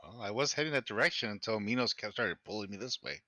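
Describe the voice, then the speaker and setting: Male game master with a lowish, bright, forceful voice. Halting delivery with repeated words. Dry, close sound. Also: no echo. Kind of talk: narrating and playing a tabletop game.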